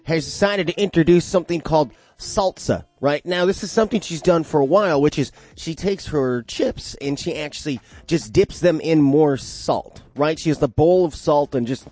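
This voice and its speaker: A man's voice: fairly high pitch, normal speed, few pauses, a little mellow, faint music behind. A man hosting a morning radio segment, chatting casually and checking in with listeners. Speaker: radio morning show host.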